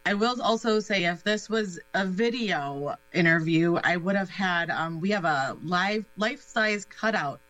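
Woman, radio guest, upbeat, lots of fillers, bright tone. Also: fairly low pitch, lively intonation, a little slow, hardly any pauses, faint music behind, low-quality recording. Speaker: guest, nonprofit special projects director. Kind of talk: casual radio interview.

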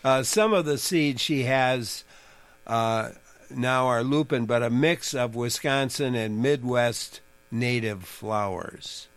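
A man's voice: mid-range voice, slow, no echo. A man hosting a call-in garden radio show, chatting with a guest and reading out listener questions. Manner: relaxed, reads listener questions.

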